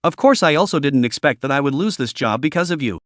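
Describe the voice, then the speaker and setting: A man's voice: a little high, lively intonation, fast, a bit bright, no room sound, clean studio sound. A man voicing a timid, tearful young woman who keeps pleading and apologizing.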